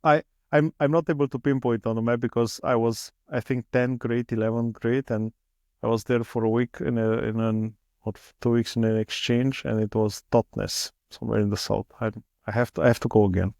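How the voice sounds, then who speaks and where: Halting male interviewer. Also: medium pitch, flat delivery, gravelly, a little mellow, no echo, clean studio sound. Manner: halting, restarts often, non-native phrasing. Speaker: host. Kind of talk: casual interview chat.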